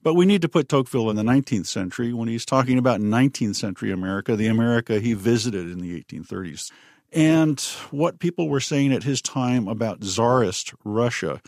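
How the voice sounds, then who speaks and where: A man co-hosting a history talk show, explaining in a measured, thoughtful way. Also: mid-range voice, darkish tone, no room sound, studio quality. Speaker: history podcast co-host. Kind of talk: conversational history discussion.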